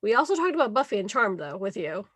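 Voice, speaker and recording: A woman hosting a casual podcast, upbeat and quick to laugh as she leads the segments. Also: medium pitch, sing-song, fairly bright tone, breathy edge, no room sound. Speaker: podcast host. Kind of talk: casual chat.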